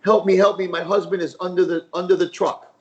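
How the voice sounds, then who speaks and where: A man's voice: high voice, level tone, fairly quick, lo-fi sound, natural voice. A man voicing a frantic woman begging for help in a spoken parable, in his own voice.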